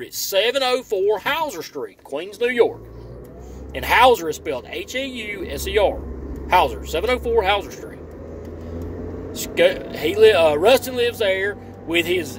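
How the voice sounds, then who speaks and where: A man delivering a rambling, sarcastic and profane rant, recorded outdoors near a road. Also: high voice. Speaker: online commentator. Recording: distant mic with loud traffic noise.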